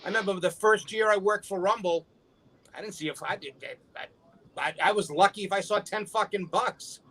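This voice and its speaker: A man's voice: sits high, normal speed, sharp tone. Profane rambling man telling wrestling stories. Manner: profane, rambling, stammers restarts. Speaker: wrestling podcast panelist, former manager. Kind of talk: casual chat, storytelling.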